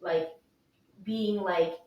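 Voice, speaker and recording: An enthusiastic woman in her thirties hosting a podcast, talking in a loose, filler-heavy way. Her voice is a little lower than most women's. The room echoes heavily, and she sits away from the microphone. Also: fairly even intonation, drawn-out words, a little mellow, far from the mic, highs cut off. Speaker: podcast host. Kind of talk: casual podcast conversation.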